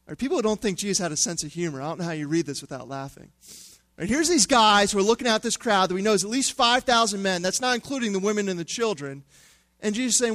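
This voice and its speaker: A male pastor preaching a sermon in a conversational, humorous way that drops to a hushed tone for emphasis. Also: high voice, animated, fast talker, no room sound.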